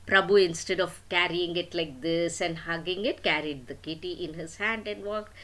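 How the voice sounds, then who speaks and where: A woman's voice: lowish voice, steady tone, moderate pace, hardly any pauses, a bit bright. An older woman telling a silly story to children, playful, asking her listeners questions and adding sound effects.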